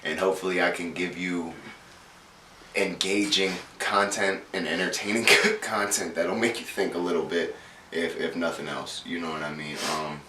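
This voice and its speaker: A man's voice: low-pitched, steady tone, normal speed, sharp tone. A man hosting a podcast in casual, profane, rambling chat, often saying "you know what I mean". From central Pennsylvania. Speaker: podcast host. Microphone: camera mic. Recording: echoey room, distant mic, faint hiss.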